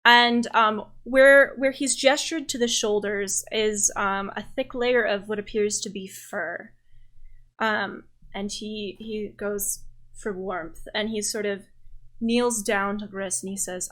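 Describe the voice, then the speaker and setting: A woman running a tabletop game as game master, narrating scenes and voicing characters in a relaxed, chatty way. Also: medium pitch, slow pace.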